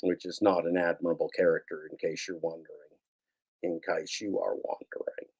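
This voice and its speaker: Male YouTuber, lowish voice, sarcastic, rambling, doubles back on his own lines while sharing his screen. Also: level tone, a little fast, a little mellow, slightly rough. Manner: sarcastic, repeats phrases, mock-scolding asides. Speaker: YouTube broadcaster. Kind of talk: rambling screen-share commentary.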